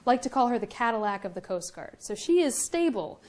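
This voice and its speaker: A young woman, a Coast Guard officer, giving a public lecture in a museum with lively, self-mocking stories. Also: on the high side, a little fast.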